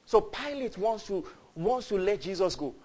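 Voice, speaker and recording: A man's voice: high-pitched, very animated, moderate pace. A man, preaching a fervent, storytelling sermon. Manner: fervent, builds to loud cries, storytelling.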